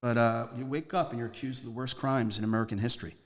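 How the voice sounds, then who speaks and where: This guest, a man from Northeast Philadelphia with a typical mid-range male pitch, talks at a quick pace in a steady tone. His storytelling in the casual interview is loose and rambling, punching key words and leaping between stories.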